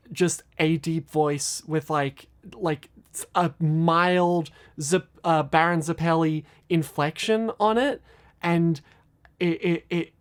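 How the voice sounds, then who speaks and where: A casual commentary voice from an animator on their own channel. They ramble through tangents, restart sentences, stack fillers and poke fun at their own work. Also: medium pitch. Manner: rambling, self-deprecating, many fillers and restarts. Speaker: animator and video creator.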